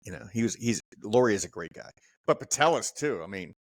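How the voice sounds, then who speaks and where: Lively, animated man hosting a chat. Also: lowish voice, brisk, no echo. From New Jersey. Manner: animated, reminiscing, laughs often. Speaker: podcast host. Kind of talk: casual chat.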